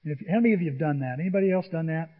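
An older man preaching a sermon, telling stories with animated acted-out voices. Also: a little high, rapid-fire. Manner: animated storytelling, acts out voices. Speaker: pastor. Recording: dull lo-fi audio with hall reverb.

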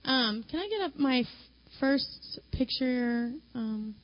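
A woman's voice: high voice, animated, slow pace, highs cut off. A woman who is a mother speaks to a women's group in a chatty, conversational sermon, addressing her listeners directly and filling her talk with "you know".

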